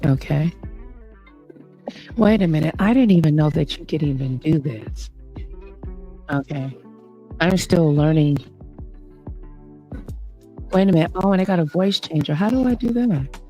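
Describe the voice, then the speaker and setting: A middle-aged woman hosting a casual live stream, thinking aloud in an unhurried way while she sets up her audio gear. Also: low voice, lively intonation, dark tone, faint music behind, low-quality recording. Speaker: YouTube host.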